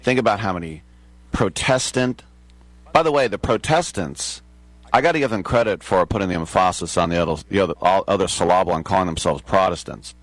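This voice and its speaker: A man's voice: sits low, quick pace, no room sound. A man hosting a talk show in a casual, digressive monologue, chuckling at his own asides.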